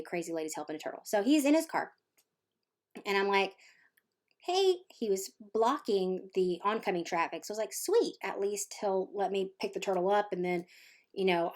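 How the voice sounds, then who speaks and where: A woman vlogger telling a personal story in a casual, animated and playful way, acting out the voices in it. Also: mid-range voice. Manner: animated, playful, acts out quotes.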